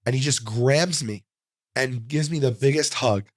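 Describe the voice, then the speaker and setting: A man's voice: mid-range voice, a little slow, dry recording, clean studio sound. Man in his forties telling a rambling story. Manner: rambling, animated anecdote with frequent "like". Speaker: comedian guest. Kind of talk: casual storytelling in an interview.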